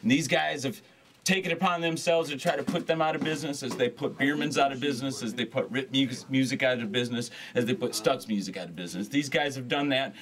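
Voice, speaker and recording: A man pitching instruments from his music store in a brash, ranting hard-sell style, swinging between shouts and mutters. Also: quick pace.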